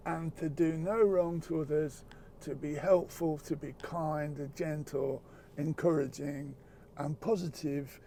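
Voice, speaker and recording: Guy talking slow and earnest, kinda high-ish voice with gravel in it, stumbles and repeats words. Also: mellow, slight background noise. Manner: earnest, halting, repeats words, occasional swearing. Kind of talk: reflective casual chat.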